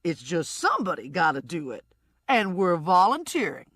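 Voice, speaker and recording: A woman's voice: fairly low pitch, big pitch swings, moderate pace, a bit bright, no echo, clean studio sound. A woman voicing a brash, bossy female sidekick who talks sassy and blunt.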